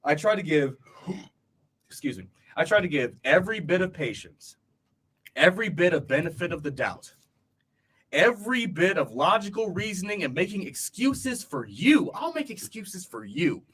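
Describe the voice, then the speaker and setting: A man's voice: high voice, very animated, normal speed, a bit bright, slightly rough. A man co-hosting a casual podcast chat, rambling with lots of fillers and laughing easily. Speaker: podcast co-host.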